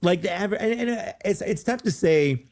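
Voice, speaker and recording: A man co-hosting a podcast in relaxed, casual chat, loose and full of fillers and restarts. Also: high-pitched, a little fast, no room sound. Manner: laid-back, loose, many fillers and restarts. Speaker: podcast co-host.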